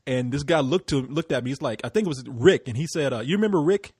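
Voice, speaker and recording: A man from Texas telling stories in a casual chat, animated, laughing often and swearing freely. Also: mid-range voice, fast, slightly rough, dry recording, studio quality.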